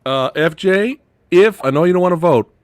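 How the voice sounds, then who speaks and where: A man's voice: sits high, expressive, moderate pace, clean tone, no echo. A man hosting a podcast in casual chat, hesitant and stammering as he passes turns. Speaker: podcast host.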